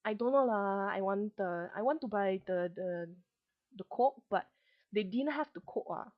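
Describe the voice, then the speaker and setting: A woman putting on a chatty Malaysian English accent, louder and higher than her usual voice, on a dull lo-fi webcam recording. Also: unhurried, lightly acted.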